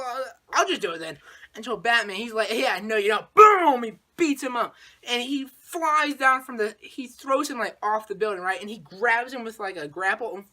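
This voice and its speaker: Guy rambling thru a movie recap, lots of "like" and boom noises, bright tone. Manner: rambling, full of fillers and sound effects. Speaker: channel host recapping a movie. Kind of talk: casual spoken recap.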